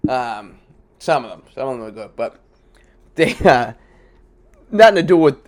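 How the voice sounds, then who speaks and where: A man's voice: medium pitch, big pitch swings, measured pace. Crude, laughing male storyteller. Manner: laughing, crude storyteller, raises his voice for quoted lines. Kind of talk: casual profane chat.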